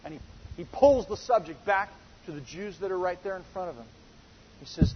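Preacher, male, high husky voice, earnest and emphatic, dull lo-fi sound. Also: expressive, brisk, slight background noise. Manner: earnest, building to emphatic quoted exchanges. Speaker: pastor. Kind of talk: sermon.

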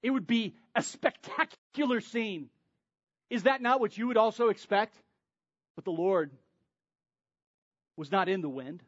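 A man preaching a sermon, dramatic, swinging between loud emphasis and near-whispers. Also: high voice, unhurried, pauses often, no room sound, muffled recording. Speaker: pastor.

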